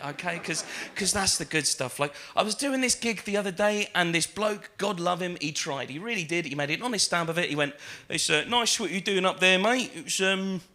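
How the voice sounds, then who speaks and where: A man performing stand-up on a comedy stage, his voice pitched high and strikingly bright and sharp. He talks in a loose, chatty way full of fillers and swearing, then pushes up into shouted punchlines. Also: a little hiss or hum. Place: comedy stage with live audience.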